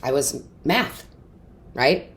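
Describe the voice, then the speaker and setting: Her bass voice has lively intonation and drawn-out words as she, a tarot reader and medium, delivers an intuitive reading straight to camera. Earnest and emotional, she keeps asking "right?" and "okay?".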